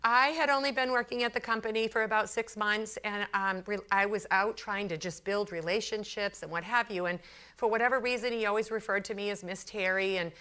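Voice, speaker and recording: A woman consultant giving a talk to a business audience, telling a workplace story in a chatty, animated way with lots of fillers. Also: mid-range voice, fairly quick, clean tone. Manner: chatty, animated storyteller who acts out her anecdotes; frequent fillers and repeated phrases.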